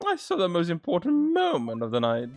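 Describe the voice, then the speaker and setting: A man's voice: sits high, wildly swooping pitch, vocal fry, faint music behind, pitched above the performer's own voice, exaggerated voice. A man voicing a vain, flamboyant male witness in a courtroom game who scolds people about manners and demands respect. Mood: boastful. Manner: theatrical, scolding, drawn-out.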